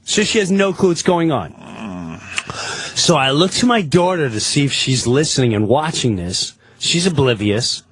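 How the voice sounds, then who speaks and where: Man, talk-radio guest, husky voice, lively swooping delivery, dry close sound. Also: on the high side, moderate pace, no room sound. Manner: rambling, excitable, acts out the people in his story. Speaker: guest telling a story. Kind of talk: animated talk-radio storytelling.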